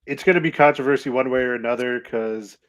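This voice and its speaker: A man's voice: medium pitch, fast. A man co-hosting a live podcast, speculating thoughtfully at length. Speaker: podcast co-host. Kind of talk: live podcast chat about films.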